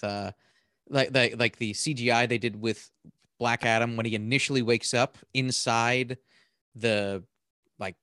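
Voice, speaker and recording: A man's voice: medium pitch, dry recording, clean studio sound. A man co-hosting a podcast, rambling and joking through a casual movie review with lots of fillers and restarts. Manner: jokey and animated. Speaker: podcast co-host.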